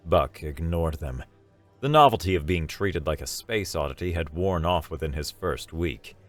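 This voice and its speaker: A man with a very deep voice narrates a scripted science fiction story. His delivery is slow and even, keeping a steady storytelling pace. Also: faint music behind.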